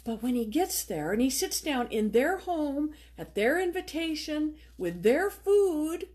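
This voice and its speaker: A woman preacher giving a sermon in a church, reading scripture and then retelling the story in a relaxed, conversational way. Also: sits high, measured pace. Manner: conversational, retells story with lively voiced quotes.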